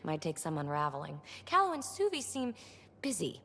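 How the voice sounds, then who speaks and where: An actress playing a curious young woman scientist in a game, talking in a lively, wry, inquisitive way. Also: sits low, normal speed, in a large hall, full character voice.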